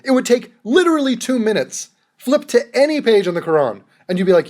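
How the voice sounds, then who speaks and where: A man's voice: extremely high pitch, big pitch swings, brisk, darkish tone. A man giving a sarcastic, profane commentary rant, mocking and exasperated as he reacts to a clip. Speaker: commentary vlogger.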